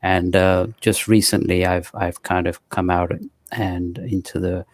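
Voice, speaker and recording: A man from Pakistan with a British accent, answering interview questions in a halting way with many pauses and restarts. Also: deep voice, flat delivery, dry recording, studio quality. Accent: British English. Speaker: podcast guest. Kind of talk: casual interview talk.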